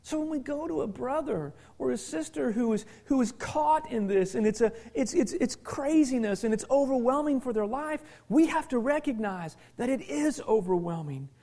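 A middle-aged man preaching a sermon as pastor, folksy and animated, sometimes dropping to a near whisper for emphasis. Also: very high-pitched, normal speed, vocal fry, few pauses.

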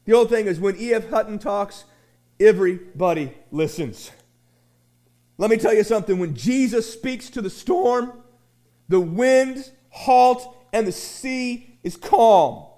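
Male pastor, very high voice, folksy rambling sermon, shouted refrains. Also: a little slow. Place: small church sanctuary.

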